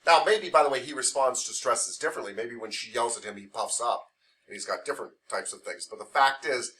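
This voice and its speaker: A man's voice: mid-range voice, fairly quick, bright, forceful tone, recorded from a distance. A man teaching a massage therapy class, lecturing conversationally and explaining ideas through playful made-up examples.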